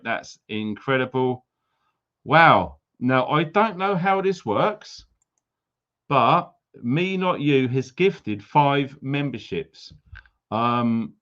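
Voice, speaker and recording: A man's voice: mid-range voice, fairly bright tone, muffled recording. A man hosting a casual livestream, greeting viewers with jokey, teasing banter. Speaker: livestream host.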